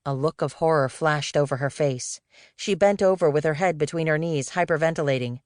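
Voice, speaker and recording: A woman narrates an audiobook in a steady, measured way. Her voice sits low. The studio sound is close and dry. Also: no room sound. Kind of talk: scripted narration. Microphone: studio microphone.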